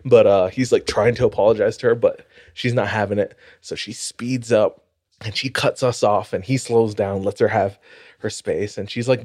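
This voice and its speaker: A man with a low-pitched voice chats casually on a podcast. He tells stories and breaks into laughter often. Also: darkish tone. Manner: laughs a lot while telling stories. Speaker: podcast co-host. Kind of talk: casual chat.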